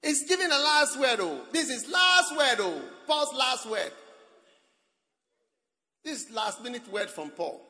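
A man preaching a sermon, moving from low murmurs to shouted exhortation. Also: big pitch swings, unhurried, pauses often, big-room sound.

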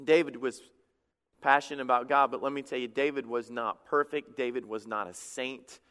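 A male pastor preaching a sermon, animated and stammering over his restarts as he acts out quotes. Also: mid-range voice, normal speed, smooth, big-room sound.

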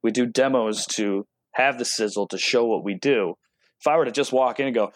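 A man's voice: medium pitch, brisk, dry recording. A man telling stories in a casual interview, acting out quotes from people he talks about. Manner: chatty storyteller, acts out quotes. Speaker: automotive product rep and guest.

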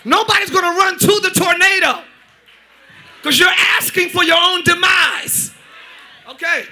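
Very high-voiced shouting preacher man. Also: unhurried, long pauses. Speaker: pastor. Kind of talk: sermon. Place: church sanctuary.

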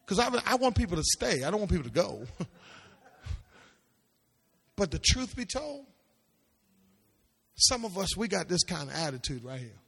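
A man preaching a Bible class with animated calls to the audience and sing-song lines that rise into shouts. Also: sits high, moderate pace, vocal fry, long pauses, breathy edge. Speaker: pastor teaching a seminary class. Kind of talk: preaching-style Bible teaching. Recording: long hall reverb.

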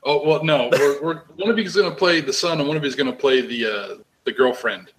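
A man's voice: medium pitch, fast talker, rough recording. A man running a tabletop role-playing game, laid-back, with many filler sounds. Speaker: game master. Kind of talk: casual game narration.

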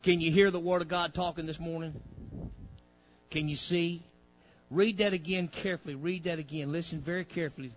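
A man's voice: on the high side, fairly even intonation, a little fast, muffled recording, faint music behind. A male preacher, delivering a fiery sermon with folksy grammar, directing a reader and acting out pleading voices.

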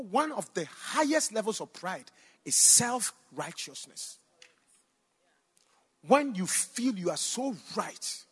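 A man preaching a sermon, telling a personal story with sudden shouts and bursts of laughter. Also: sits high, husky. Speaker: pastor.

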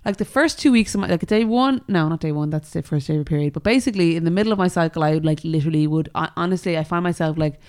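A young woman talks frankly and fast on a podcast, piling up fillers and quick restarts. Her voice sits a little low for a woman. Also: darkish tone. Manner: frank, chatty, lots of fillers. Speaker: podcast co-host. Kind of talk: casual chat.

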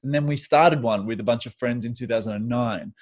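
A man's voice: mid-range voice, brisk. A man with an Australian accent, a guest on a podcast, talking in an easygoing, chatty way and laughing easily. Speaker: podcast guest, business owner. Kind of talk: casual interview.

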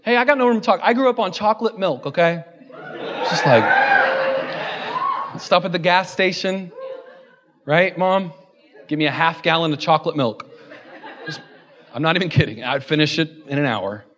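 High-voiced joking male preacher. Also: expressive, normal speed, long pauses, highs cut off. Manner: self-deprecating, joking, laughing often; rises to loud declarations. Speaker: guest preacher. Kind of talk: sermon.

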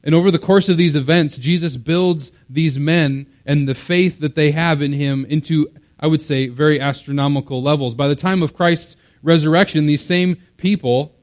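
A man delivering a sermon as a pastor, his voice sitting a little higher than most men's. He talks in a loose, conversational way, explaining as he goes and leaning on casual fillers. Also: normal speed.

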